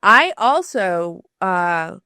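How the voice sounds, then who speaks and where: A woman guest on an interview podcast, answering thoughtfully, pausing on many fillers and restarts. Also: on the low side, sing-song, bright, forceful tone, smooth, no echo, clean studio sound. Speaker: podcast guest, storytelling author. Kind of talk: conversational interview.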